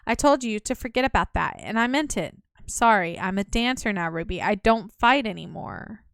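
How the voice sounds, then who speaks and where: A woman's voice: medium pitch, expressive, normal speed, gravelly, a bit bright, clean tone, no room sound, clean studio sound. A woman reading the lines of a reluctant young female dancer from a game, subdued and hesitant.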